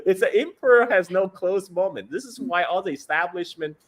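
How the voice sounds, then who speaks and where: A man's voice: high-pitched, expressive, a little fast, a bit bright. A man giving casual political commentary, ranting with many restarts and repeated words; his is not English. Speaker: guest commentator.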